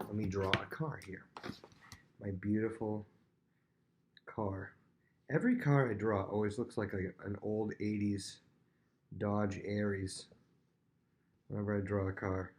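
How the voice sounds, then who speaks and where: A man's voice: on the low side, fairly even intonation, measured pace, long pauses, a little mellow. A man teaching a physics lesson on video, talking casually and directly to students at home. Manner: casual, chatty, talks straight to students at home.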